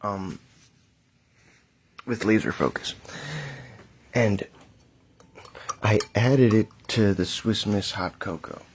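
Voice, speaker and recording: A young adult man talking to camera in a rambling, mock-theatrical vlog monologue, halting with fillers and wry asides. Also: fairly low pitch, slight background noise. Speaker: vlogger.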